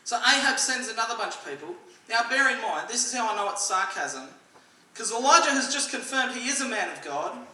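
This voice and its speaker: A young Australian man doing dry stand-up comedy at a church service, loudly acting out the voices in his stories. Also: extremely high pitch, expressive, brisk. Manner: dry storytelling, acts out quoted voices loudly. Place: church hall. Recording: echoey hall, mic at a distance.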